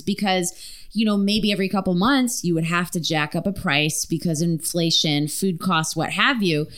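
A woman's voice: mid-range voice, a bit bright. Chatty swearing woman podcast host. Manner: chatty, swears freely, lots of fillers. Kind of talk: casual podcast chat.

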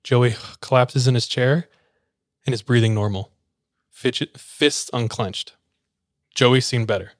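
A man at mid pitch, a podcast host telling a story in a casual, dramatic way and voicing the chants he quotes. His voice is recorded close and dry, with no room sound. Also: measured pace, long pauses, no echo.

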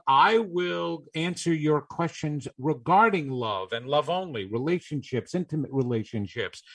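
A man's voice: a little high, a bit bright. A man hosting a live call-in radio show, chatting in a rambling, self-amused way.

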